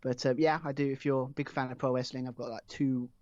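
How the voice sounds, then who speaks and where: A man's voice: mid-range voice, level tone, fast talker, darkish tone, dry recording. Rambling young man, dry and dull. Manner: rambling, lots of fillers and restarts. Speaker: podcast guest. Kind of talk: casual chat.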